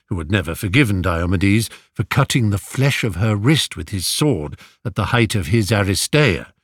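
A man narrating a story aloud in a measured, expressive storytelling manner. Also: fairly low pitch, husky, no echo, studio quality. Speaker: audiobook narrator. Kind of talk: scripted narration.

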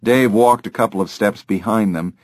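A man narrating an audiobook in a measured, expressive way. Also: lowish voice, no room sound, clean studio sound. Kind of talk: scripted narration.

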